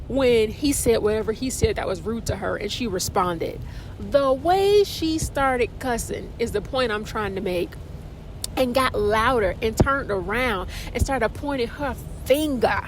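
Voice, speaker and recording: A woman hosting a casual podcast, telling a story in an animated, dramatic way. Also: unhurried, a little hiss or hum. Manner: animated and dramatic, with expressive pitch jumps. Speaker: podcast host.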